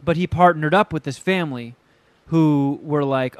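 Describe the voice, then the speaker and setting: A man in casual podcast chat, telling stories in a profane, animated way and acting out quotes. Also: on the high side, normal speed, clear, resonant tone, no echo.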